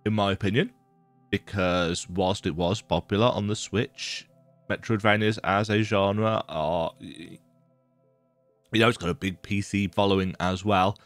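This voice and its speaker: A low-voiced man with a stuffy, congested nose from a cold. He rambles through his reaction to a game trailer and restarts his sentences as he thinks aloud. Soft music plays faintly underneath. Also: steady tone, measured pace, dry recording. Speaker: gaming video creator. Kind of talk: casual reaction commentary.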